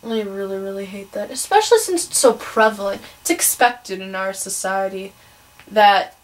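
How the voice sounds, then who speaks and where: A woman's voice: mid-range voice, animated, moderate pace, rough recording. Teenage girl with a Wisconsin accent. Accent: Wisconsin, Midwestern American. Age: teens. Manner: chatty, opinionated, many ums and sos. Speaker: vlogger. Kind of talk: casual ranting vlog.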